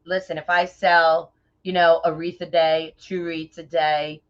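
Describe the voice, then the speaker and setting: A middle-aged woman from New York with a New York accent, chatting warmly and effusively with viewers by name while crafting on a livestream. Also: deep voice, flat delivery, measured pace. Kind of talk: casual livestream chat while crafting bows. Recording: dull lo-fi livestream audio.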